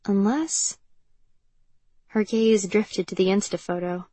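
Husky woman reading a novel. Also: mid-range voice, slow pace, pauses often, dark tone, no room sound. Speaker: audiobook narrator. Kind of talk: scripted narration.

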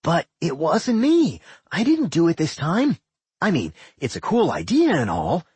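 A man doing an excitable, cheerful dungeon spirit. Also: fairly high pitch, a little slow, husky, no echo, voice pushed up, heavily acted. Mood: excited.

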